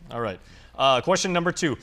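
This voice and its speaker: Fast-talking upbeat male talk show host. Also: medium pitch, lively intonation, pushed and bright. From Guam. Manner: upbeat, joking, quick questions. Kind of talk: live TV talk show interview. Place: TV studio.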